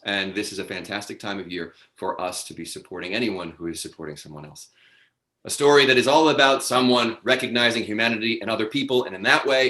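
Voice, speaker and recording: A man's voice: medium pitch, sharp tone, roomy sound. A man hosting a live online improv comedy show, announcing the cast and rules with upbeat, theatrical patter over a video call.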